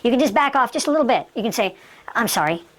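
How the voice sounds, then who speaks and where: A woman's voice: fairly high pitch, lively intonation, rapid-fire. A woman instructor giving an emphatic lesson and acting out sample dialogue. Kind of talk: instructional talk.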